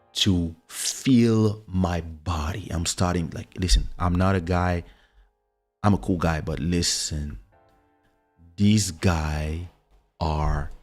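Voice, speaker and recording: Animated storyteller man. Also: low-pitched. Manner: animated, acts out quoted voices. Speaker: podcast host telling a story. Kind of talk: casual storytelling.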